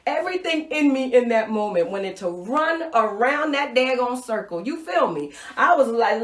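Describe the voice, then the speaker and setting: A woman hosting a live-streamed inspirational talk, telling a personal story with animated acted-out reactions and dropping to a soft, intimate voice for key points. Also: a little high, moderate pace, few pauses, reverberant. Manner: animated storytelling, acts out her own reactions. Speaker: host. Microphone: Facebook Live stream, webcam or phone mic.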